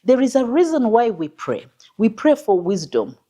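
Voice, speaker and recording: A woman's voice: on the high side, sing-song, normal speed, mellow. A woman psychologist on a discussion panel, speaking in an emphatic, teacherly way, often quoting scripture and repeating her points. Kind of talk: panel discussion on faith and marriage.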